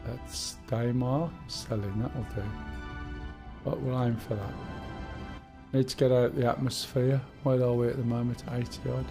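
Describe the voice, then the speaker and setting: A man's voice: medium pitch, level tone, a little slow, over music. A man with a Black Country accent chatting casually and rambling to himself while he streams a game. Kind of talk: casual live-stream gaming chat.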